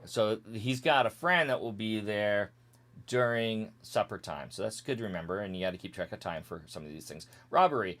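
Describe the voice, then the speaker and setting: This man's lowish voice is a bit bright and moves at a moderate pace. While streaming a retro game in casual let's-play style, he cracks jokes and replaces the game's text with strings of "blah blah" and "meow."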